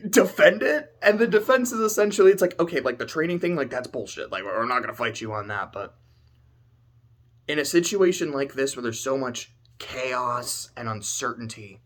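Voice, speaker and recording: A man talking casually about a story, animated and swearing, swinging between loud outbursts and low muttering. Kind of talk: casual spoken commentary.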